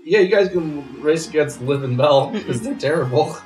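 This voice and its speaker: Crude, loud gaming guy in an echoey room. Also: on the high side, animated, moderate pace, soft background music. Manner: loud, crude and yelling when frustrated. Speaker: let's play co-host. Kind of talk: crude casual banter while gaming.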